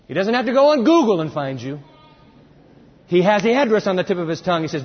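A man preaching a sermon in a large church hall, dramatic and emphatic, swinging from loud to hushed and adding sound effects. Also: a little high, big pitch swings, a little fast, husky. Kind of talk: sermon, expository Bible teaching. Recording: reverberant hall, dull lo-fi sound.

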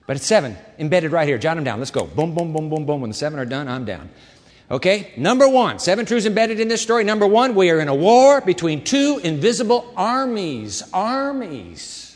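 A man preaching a sermon as a pastor, with an animated, dramatic delivery and shifting volume. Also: a little high. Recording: long hall reverb.

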